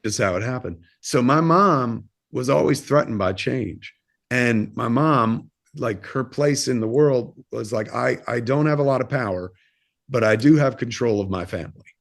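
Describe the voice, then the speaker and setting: A man's voice: medium pitch, normal speed, creaky. A man in his fifties, a filmmaker and podcast guest, telling a personal story in a candid, rambling way, swearing freely and using plenty of fillers. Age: 50s. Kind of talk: casual interview storytelling.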